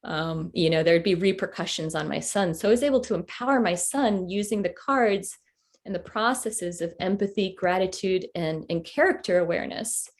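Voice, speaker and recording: A woman in her forties, telling a personal story with halting, heartfelt pauses and fillers as a workshop presenter on a video call. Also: on the low side. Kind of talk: storytelling talk to an online group.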